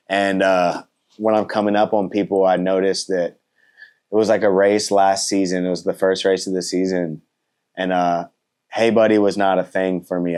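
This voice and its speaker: A man's voice: low-pitched, a little mellow. A man of thirty answering interview questions in a casual, polite way, with many fillers and a trailing-off delivery. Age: 30s. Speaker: motorcycle racer and content creator.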